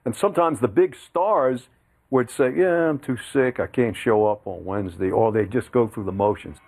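A man's voice: on the low side, normal speed, gravelly. An older man, a veteran sportscaster, telling anecdotes as a guest and acting out quotes. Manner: lively storyteller, acts out quotes. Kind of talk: anecdotal storytelling.

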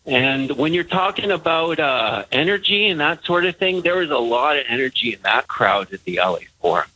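Husky bright male radio voice. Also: on the high side, sing-song, moderate pace, no room sound, rough recording. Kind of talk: radio chat.

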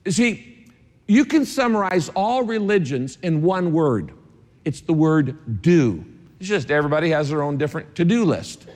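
A man's voice: fairly high pitch, lively intonation, normal speed, a little mellow. A male pastor preaching a sermon to a congregation in an emphatic, repetitive way, with dry asides. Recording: long reverb of a large hall.

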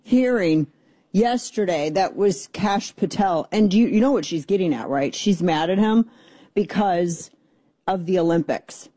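A woman's voice: fairly low pitch, measured pace, dark tone, no room sound. A middle-aged woman hosting a political radio talk show, chatty, opinionated and sarcastic. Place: radio studio.

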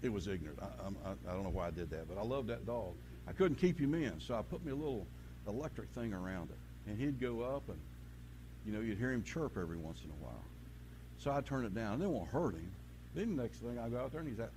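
A man's voice: a little high, a little hiss or hum. Folksy preacher man. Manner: folksy storytelling, swings from quiet to loud preaching. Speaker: pastor. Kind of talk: sermon.

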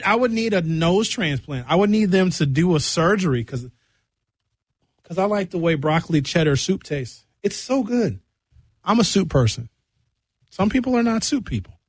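A man hosting a radio show in casual chat, talking in animated, rambling comic riffs from a studio microphone. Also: sits high, slightly rough, no echo.

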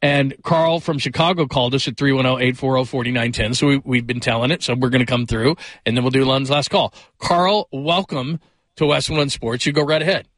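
A man's voice: medium pitch, steady tone, fairly quick, a bit bright, no echo, clean studio sound. A man hosting a sports talk radio show, upbeat and full of big praise. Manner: upbeat, hyperbolic, loose.

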